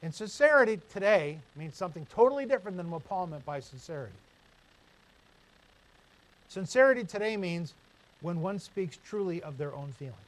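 A man with a fairly high voice preaches a sermon from the pulpit. He tells homespun stories and keeps asking the congregation rhetorical questions. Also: moderate pace, long pauses, poor audio. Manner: storytelling, animated, asks the room rhetorical questions. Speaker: pastor.

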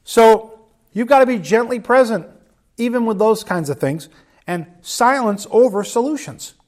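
Middle-aged male preacher, fairly high voice, measured and earnest delivery. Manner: measured, earnest, with quoted asides. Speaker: pastor. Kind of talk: sermon.

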